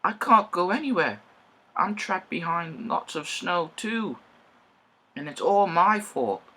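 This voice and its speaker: A man voicing an excitable, cheeky male steam engine in a fan-made story. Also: high-pitched, takes it slowly, pitched above the performer's own voice, full character voice, low-quality recording. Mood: eager. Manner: excitable, boastful.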